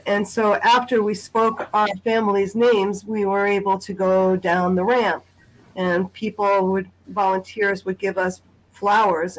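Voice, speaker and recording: A woman talks over a video call in a halting, unhurried way. She pauses often and restarts her sentences. Her pitch sits in the middle range. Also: low-quality recording. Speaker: guest sharing a family memory. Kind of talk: personal testimony on a video call.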